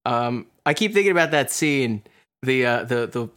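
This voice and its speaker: A man's voice: medium pitch, expressive, moderate pace, a bit bright, clean tone. A man co-hosting a podcast in casual chat, rambling and self-deprecating, with a habit of slipping into silly voices. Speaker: podcast co-host.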